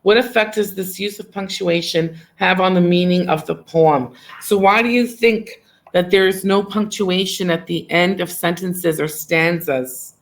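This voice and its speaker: A woman's voice: on the low side, steady tone, a little slow. A woman teacher leading a class discussion on poetry, asking questions, praising answers and repeating them back to the students.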